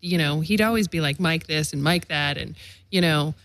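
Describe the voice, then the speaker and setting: A woman hosting a casual interview, chatty and relaxed, often saying "you know" and "like". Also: sits low, moderate pace. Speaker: podcast host.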